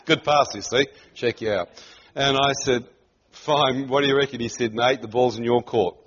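A man's voice: mid-range voice, a little slow, slightly rough. A middle-aged man from New Zealand preaching, telling a personal story with laughter and acted-out quotes. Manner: animated, laughs often, acts out quoted voices. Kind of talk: sermon storytelling. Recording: muffled lo-fi sound.

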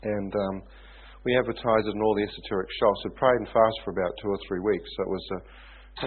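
Husky-voiced New preacher. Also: male voice, lowish voice, brisk. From New Zealand. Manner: animated storytelling, often asks "you know what I mean?". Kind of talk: sermon storytelling. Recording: tinny phone-like sound.

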